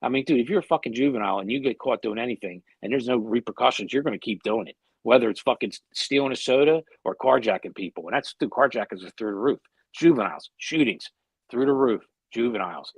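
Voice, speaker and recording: A man's voice: mid-range voice, fast, gravelly, breathy edge, no echo. A man co-hosting a podcast, talking bluntly and heatedly with heavy swearing. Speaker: podcast co-host. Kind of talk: casual podcast chat.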